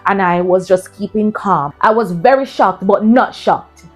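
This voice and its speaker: A woman in the middle of her vocal range tells a personal story straight to her viewers, animated and chatty, calling them "guys" as she goes. Soft music plays faintly underneath. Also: mid-range voice, unhurried, rough recording. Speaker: vlogger telling a personal story.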